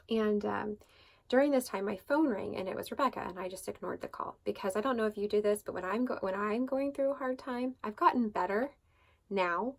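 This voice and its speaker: A woman hosting a devotional talk who shares a personal faith story in a loose, conversational way, with many fillers and restarts. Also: medium pitch. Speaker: devotional podcast host.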